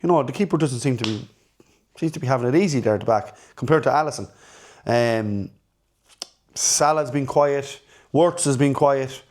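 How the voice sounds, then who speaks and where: A man's voice: medium pitch, normal speed, darkish tone. A middle-aged man, hosting a casual football fan reaction and talking frankly, repeating words as he rambles through his thoughts. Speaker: football fan channel host.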